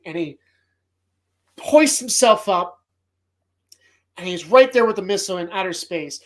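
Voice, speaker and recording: Male podcast host, casual movie talk, animated, swears a lot, gets choked up. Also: high-pitched, unhurried, pauses often. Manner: animated, profane retelling of movie scenes; emotional, choked up at times.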